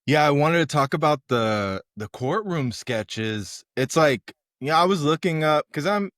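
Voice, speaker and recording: Man, podcast co-host, casual chat, slow unhurried storytelling, expressive voice, dry close mic. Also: on the high side, dry recording. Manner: drawn-out, unhurried storytelling with laughs.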